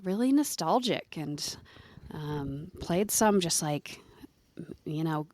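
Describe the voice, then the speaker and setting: A woman's voice: deep voice, animated, slow pace, a crowd in the background. A woman co-hosting a podcast in casual chat, talking loosely with fillers and trailing phrases. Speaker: podcast co-host.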